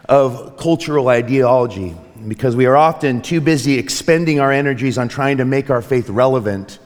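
Earnest pastor preaching in a reverberant hall. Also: male voice, medium pitch. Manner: earnest, reflective, with frequent restarts and light joking. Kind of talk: sermon. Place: church sanctuary.

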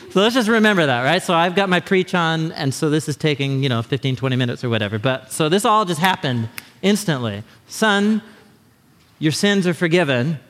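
Man, pastor, sermon, animated and chatty, fairly high voice, long hall reverb. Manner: animated, conversational, acts out quick voices.

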